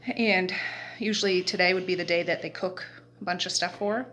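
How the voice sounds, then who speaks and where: A woman's voice: on the low side, steady tone, a little fast, a bit bright. A middle-aged woman from Nova Scotia chatting casually about her day at home, rambling through stories with plenty of fillers. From Nova Scotia, Canada. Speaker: vlogger, mother. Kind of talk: casual day-in-the-life chat. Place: at home, sitting in a rocking chair.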